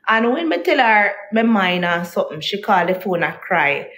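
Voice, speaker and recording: A woman's voice: on the high side, normal speed, fairly bright tone. A young woman, telling her viewers a heated, indignant story about a partner, repeating herself as she vents. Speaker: vlogger. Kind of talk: emotional storytime rant to viewers.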